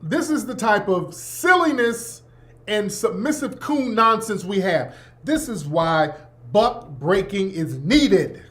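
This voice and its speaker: High-voiced man giving fiery commentary. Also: lively intonation, slow pace, a bit bright. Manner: emphatic, profane, preachy. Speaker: host. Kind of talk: casual commentary.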